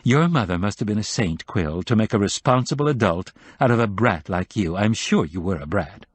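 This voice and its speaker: A blunt, teasing woman antiques dealer, put on by a male narrator in an audiobook. The voice sits low with a husky edge and a dry, close sound. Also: animated, brisk, no room sound.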